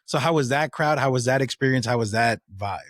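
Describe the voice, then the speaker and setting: A man co-hosts a podcast and asks questions in a relaxed, slangy way. His voice sits mid-range and sounds close and dry. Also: medium pitch, fairly quick, no echo. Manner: friendly, loose, slang-heavy. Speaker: podcast co-host. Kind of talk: casual interview chat.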